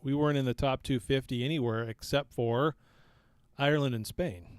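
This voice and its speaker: A man hosts a podcast live stream, chatty and quick to laugh. His voice is smooth and resonant, recorded close and dry. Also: mid-range voice, fairly even intonation, no room sound. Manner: laughing easily, chatty and upbeat. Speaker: podcast host. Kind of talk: casual podcast chat.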